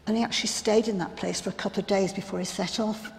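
A woman playing a grieving biblical sister in a first-person dramatic monologue, telling her story in an earnest, reflective, halting way. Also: medium pitch, steady tone, creaky, a little mellow, natural voice. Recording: long hall reverb.

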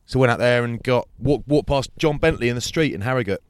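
A man's voice: medium pitch, quick pace, smooth, dry recording, studio quality. A man hosting a podcast, telling rambling, slangy anecdotes in casual chat. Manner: rambling storyteller, swears, slangy. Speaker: podcast host.

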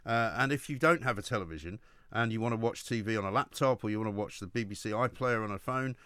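A man hosting a radio talk show, chatting and telling stories in a brisk, conversational way. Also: fairly low pitch, fairly bright tone, clean tone, no echo, studio quality. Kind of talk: casual radio chat.

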